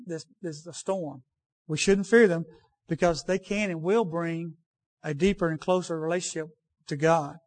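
A man's voice: a little high, steady tone, moderate pace. A man preaching a sermon in a conversational way, repeating key phrases for emphasis and turning to folksy asides with the congregation.

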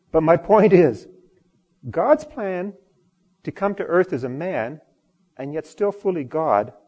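Pastor, male, husky and lively sermon delivery, church hall reverb. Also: mid-range voice. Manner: expressive, swings from loud emphasis to quiet.

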